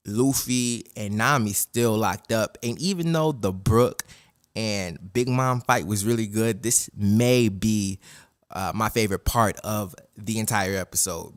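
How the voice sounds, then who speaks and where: Excitable male anime reviewer, lower voice, slangy and profane. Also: takes it slowly. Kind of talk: casual episode recap.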